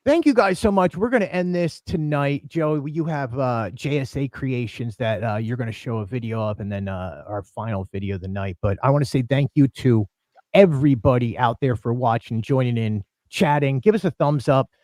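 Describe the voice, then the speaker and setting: A man hosting a casual fan podcast, telling animated stories and acting out quoted lines with big swings of pitch. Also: normal speed, no room sound. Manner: excitable, acts out quotes with big jumps in pitch. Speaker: podcast host. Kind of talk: animated storytelling chat.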